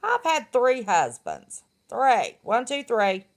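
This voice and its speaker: A woman's voice: on the high side, huge pitch swings, slow. A middle-aged woman, chatting casually and bluntly on her live stream and laughing often. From West Virginia.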